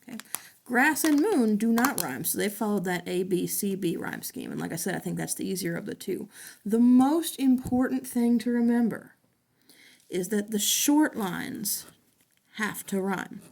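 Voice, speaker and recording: A woman's voice: mid-range voice, lively intonation, a little slow, creaky, darkish tone. A woman teacher giving a recorded class lesson, talking casually and checking in often with "okay?".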